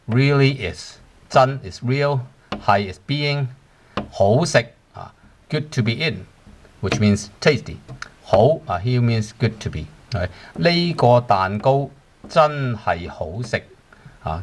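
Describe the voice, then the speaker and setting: A man teaching words in English, explaining step by step, slowing down on each word and asking "right?" to check the listener is following. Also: lowish voice. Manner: slows to spell out Cantonese words. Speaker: Cantonese teacher. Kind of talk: language lesson.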